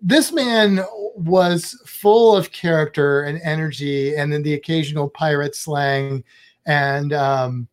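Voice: mid-range voice, slow. Vlog co-host: a rambling, chatty speaker with a medium voice and loose, playful asides. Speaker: travel vlogger. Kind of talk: casual chat.

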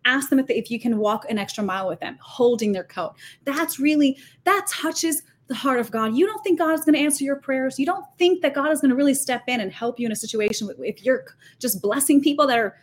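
High-voiced, animated woman preaching. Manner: talks fast with many restarts and fillers. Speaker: podcast guest. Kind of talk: faith-based podcast conversation.

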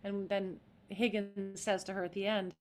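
An actress talking as a podcast guest in an animated, demonstrative way. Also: female voice, medium pitch, moderate pace. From United States. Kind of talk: interview.

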